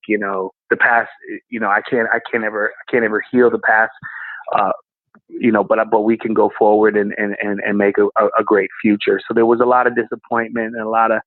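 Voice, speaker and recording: A man's voice: fairly low pitch, no room sound. Man on a tinny phone line. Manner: candid and animated, with quick laughs. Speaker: guest comedian. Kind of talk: casual storytelling.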